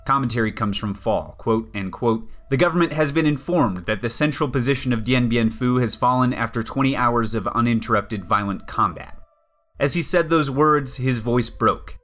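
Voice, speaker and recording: A man narrating a history documentary in a measured way, reading quotations aloud and adding pointed asides. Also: mid-range voice, a bit bright. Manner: reads quotes aloud, framing them with "quote, unquote".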